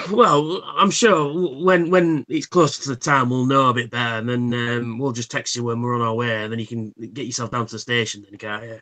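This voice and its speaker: A man's voice: mid-range voice, steady tone, normal speed, pushed and bright. A man chatting casually on a livestream. He wanders through his anecdotes with plenty of swearing and stumbling restarts. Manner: rambling storyteller, swears freely, many restarts. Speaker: livestream host. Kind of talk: casual chat.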